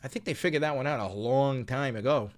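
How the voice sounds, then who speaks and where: This livestream host talks fairly quickly in a medium-pitched voice. He reads viewer comments aloud and jokes and swears between silly-voice bits on his casual stream.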